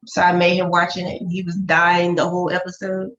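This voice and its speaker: A woman's voice: on the low side, completely flat delivery, a little fast, a bit bright. A woman co-hosting a casual chat, talking bluntly and freely. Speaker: podcast co-host. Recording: dull lo-fi sound.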